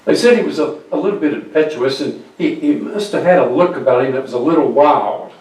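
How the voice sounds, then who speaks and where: Male pastor, storytelling sermon, conversational, halting, reverberant church, distant mic. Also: a little high, darkish tone. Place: church sanctuary. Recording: very echoey hall, distant mic.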